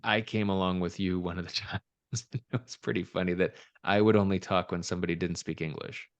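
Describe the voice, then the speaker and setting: A man's voice: deep voice, fairly even intonation, a little fast, no room sound, muffled recording. A man co-hosting a real estate podcast, chatting casually with a joking, self-deprecating manner. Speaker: podcast co-host, realtor. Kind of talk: casual chat.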